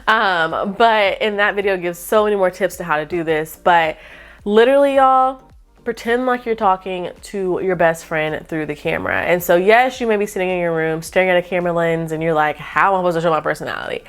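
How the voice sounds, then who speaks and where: A woman giving casual tips straight to camera in her room, chatty, upbeat and animated, calling her viewers y'all. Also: on the low side, fairly quick, clear, resonant tone. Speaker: YouTube coach.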